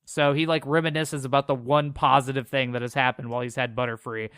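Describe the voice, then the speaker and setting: A man's voice: medium pitch, little pitch movement, fast talker, a bit bright, clear, resonant tone, no echo, studio quality. A man co-hosting a podcast, reading an episode summary in a casual way and dropping sarcastic asides. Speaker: podcast co-host recapping episodes.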